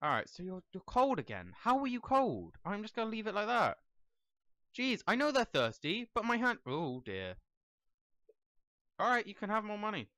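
Rambling through a let's play, a young man chats with the game characters on screen as he goes. His voice sits high and sharp, swinging hugely in pitch at a moderate pace, and the recording has no echo.

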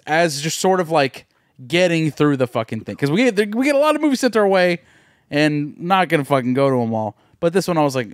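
Lively, swearing male podcast co-host. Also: a little high, fast, no room sound, clean studio sound. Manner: lively, swears freely, laughs a lot. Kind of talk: casual chat.

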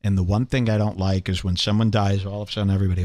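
A man's voice: on the low side, little pitch movement, racing, few pauses, a little mellow. A man hosting a podcast, ranting in a mocking, bombastic comedic way. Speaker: podcast host. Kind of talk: provocative comedic rant.

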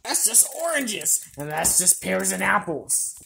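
A woman play-acting toy characters in turn, bursting into giddy shrieks of excitement. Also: medium pitch, unhurried, vocal fry, background noise.

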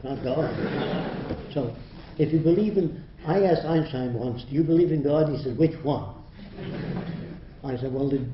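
A man's voice: fairly high pitch, a little hiss or hum. An older man giving a public lecture, blunt and mocking, laughing at his own jokes. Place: lecture hall. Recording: dull echoey hall recording.

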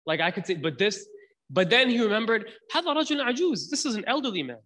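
A man with a high, bright voice tells a story on a podcast, acting out each character's words. He mixes Arabic phrases into his English and keeps the telling lively. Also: fast, long reverb tail. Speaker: host.

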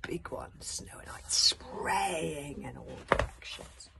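A woman reading a children's book aloud, expressive, sinking to whispers and adding casual asides. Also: low voice, takes it slowly, creaky. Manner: expressive, drops to whispers, laughs at slips and adds asides. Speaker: reader.

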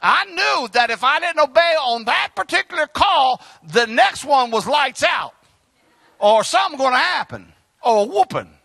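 A male pastor preaching an impassioned sermon, breaking into shouts. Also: extremely high pitch, lively intonation, moderate pace, creaky, no room sound. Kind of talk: fiery sermon.

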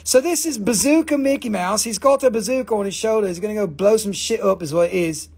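A man's voice: high voice, quick pace, creaky, a little mellow, husky. A man hosting a live gemstone sales stream, rambling, joking and swearing as he calls out buyers and prices. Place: family-owned rock shop.

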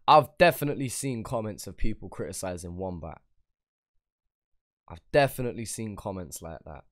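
A man's voice: on the low side, animated, normal speed, dry recording, studio quality. A man, hosting a music reaction and giving casual, slangy commentary on a song. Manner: loose slangy street talk.

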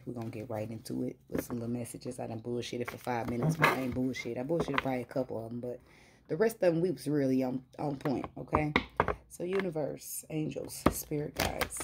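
A woman's voice: extremely low pitch, noisy background. A woman giving a casual spiritual tarot reading, chatty and laughing often as she talks to her viewers. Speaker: tarot reader.

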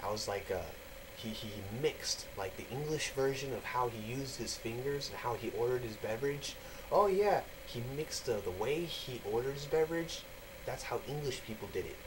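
A man's voice: medium pitch, normal speed, background noise. A man from the United States giving a casual, rambling explanatory talk for his video channel, full of fillers and restarts. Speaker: vlogger.

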